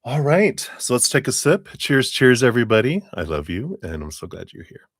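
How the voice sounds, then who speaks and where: A man's voice: medium pitch, very animated, moderate pace, no echo, studio quality. A man hosting a live tarot reading stream, greeting viewers by name in a friendly, casual way and chuckling often.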